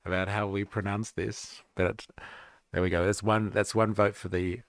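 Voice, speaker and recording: A man with an Australian accent and a very low, gravelly voice hosts a livestream. He reads and riffs in loose, rambling commentary full of filler words, and his voice sits close and dry with no room around it. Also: flat delivery, normal speed, no echo. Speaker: livestream host. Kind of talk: casual commentary while reading and reacting to a video.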